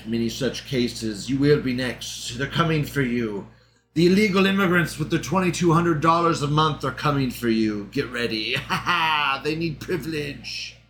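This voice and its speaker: A man's voice: mid-range voice, normal speed, fairly bright tone, slight background noise. A man hosting a live show, talking in a casual, sarcastic and profane commentary style, with frequent laughs.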